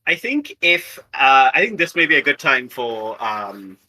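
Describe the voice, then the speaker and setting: A male player in a tabletop role-playing game talks in a hesitant way, thinking aloud. His voice is very bright, at a middle pitch. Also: big pitch swings, a little slow, rough recording. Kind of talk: casual tabletop game chat.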